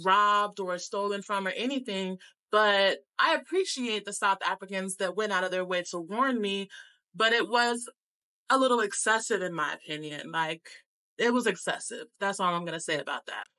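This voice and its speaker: A woman's voice: mid-range voice, moderate pace, sharp tone, poor audio. A young American woman talking candidly to camera in a casual travel vlog, full of "like"s. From United States. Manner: candid, conversational, with many "like"s. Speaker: travel vlogger.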